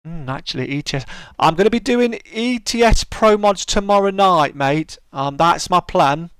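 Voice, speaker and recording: A man's voice: sits high, lively intonation, moderate pace, a bit bright, smooth, dry recording. Laid-back British man chatting on stream. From United Kingdom. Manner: laid-back, chatty, reads out and answers viewer comments. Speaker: live stream host. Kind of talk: casual live-stream chat.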